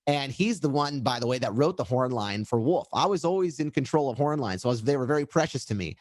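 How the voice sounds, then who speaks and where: A man in a dry, close recording, chatting loosely as a musician recalls how a song came together. He talks in a rambling, animated way, full of "like" and restarts, at a middling pitch. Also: fast talker, dry recording. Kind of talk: casual storytelling interview.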